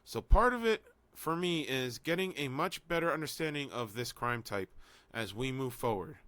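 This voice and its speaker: A man's voice: mid-range voice, animated, normal speed, sharp tone, dry recording. A man co-hosting a talk show, reading news aloud and commenting sarcastically. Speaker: podcast co-host.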